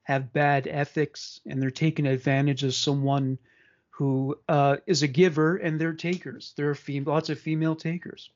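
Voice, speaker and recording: A man's voice: a little high, flat delivery, normal speed. Pria 40-an, ngobrol santai dan blak-blakan, rekaman agak redup. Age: 40s. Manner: frank, rambling, crude. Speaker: podcast co-host. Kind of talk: casual chat. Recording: dull lo-fi sound.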